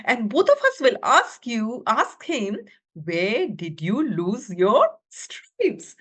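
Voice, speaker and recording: A woman's voice: on the high side, big pitch swings, slow, a bit bright, slightly rough, heavily acted. A woman voicing Zelda's bold female friend, eager and encouraging.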